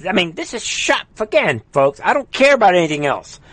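A man hosting live political commentary in a heated, mocking, rapid ranting manner. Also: high voice, very animated, fairly bright tone, no room sound. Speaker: host.

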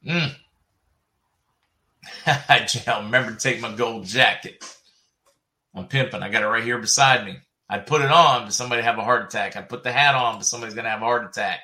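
A man's voice: mid-range voice, brisk, pauses often, sharp tone. A middle-aged man with a Southern US accent, chatting casually as host of a livestream, reading viewer comments and laughing often.

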